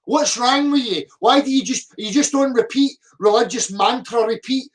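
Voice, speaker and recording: A man's voice: very high-pitched, moderate pace, hardly any pauses. A middle-aged man, ranting profanely at viewer comments, abrasive and mocking. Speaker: flat earth video commentator. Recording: voice a bit distant from the mic.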